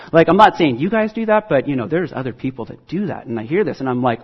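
A man preaching to a church in a relaxed, chatty way, telling stories between verses. His voice is husky, and the recording sounds dull and lo-fi. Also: medium pitch, fast, few pauses. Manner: conversational, storytelling preacher with fillers. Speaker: pastor. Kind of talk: sermon.

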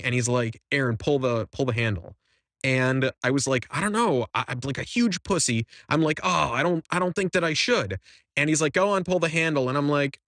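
Lively young man telling a story. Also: a little high, no room sound, clean studio sound. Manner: animated, quick storyteller acting out quotes. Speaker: podcast host. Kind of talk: casual storytelling.

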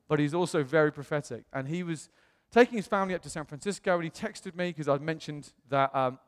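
A British man, a pastor, telling a lively personal story in a sermon and acting out the other people's lines. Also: on the high side. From England. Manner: animated, acts out quoted voices. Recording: long reverb of a large hall.

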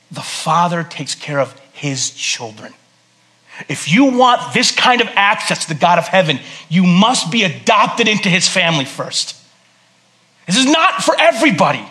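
In a church service, a high-voiced man preaches as pastor, keeping things conversational and laced with humor. He shifts back and forth between booming bursts and soft, earnest delivery.

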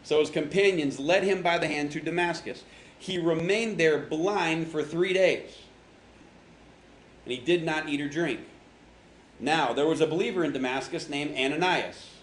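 A man's voice: on the high side, a little hiss or hum. A man teaching a casual Bible lesson to a group, joking and quizzing his listeners in a slangy way. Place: large room with an audience. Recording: echoey hall with faint ambience.

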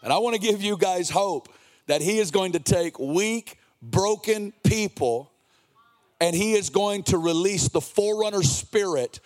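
A man's voice: high voice, animated, unhurried. A man in his forties preaching an earnest, impassioned sermon, sometimes lilting into a sing-song cadence.

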